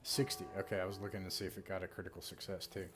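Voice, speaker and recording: A man's voice: sits low, rapid-fire. A man narrating casually as game master of a tabletop game. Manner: relaxed, casual narration with fillers.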